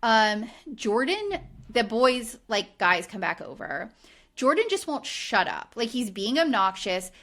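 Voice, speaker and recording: A podcast co-host with a voice on the high side speaks a bit slowly in a casual recap chat. She stays animated, says "like" a lot, and performs quotes aloud.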